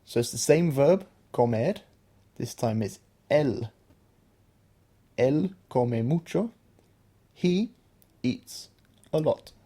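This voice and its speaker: Male podcast teacher, patient and explanatory, mellow low-key tone. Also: lively intonation, slow, long pauses, husky. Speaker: language teacher, podcast co-host. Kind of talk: explaining a beginner language lesson.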